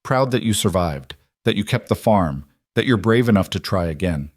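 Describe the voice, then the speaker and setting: A man voicing a calm, steady frontier woman who speaks quietly and firmly in a storybook reading. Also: on the low side, moderate pace, no room sound, studio quality. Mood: reassuring. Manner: quiet, firm, reassuring.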